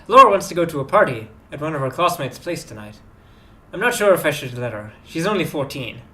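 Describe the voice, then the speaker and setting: A man's voice: on the high side, expressive, brisk, pushed and bright. Man reading as a worried caring mother. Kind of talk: reading game dialogue aloud.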